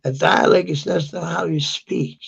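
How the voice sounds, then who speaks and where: A man with a Danish accent delivers a heated, profane rant in a slow, deliberate cadence. His voice is slightly high, very gravelly and husky. The recording sounds dull and lo-fi. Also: fairly even intonation, fairly bright tone. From Denmark. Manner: heated, profane, repetitive ranting. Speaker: vlogger. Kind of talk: angry rant to camera.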